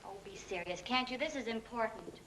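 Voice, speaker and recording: A woman's voice: fairly high pitch, animated, a little fast, fairly bright tone. A woman playing an earnest, easily flustered young woman in a 1940s film comedy. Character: eager young woman scheming to land a husband. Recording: hissy old film soundtrack.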